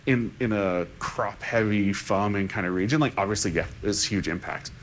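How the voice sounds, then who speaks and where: A man with a somewhat low voice answers questions on a conference panel. He thinks aloud, restarts his sentences and keeps checking in with "right?". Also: normal speed, slight background noise. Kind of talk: unscripted panel discussion.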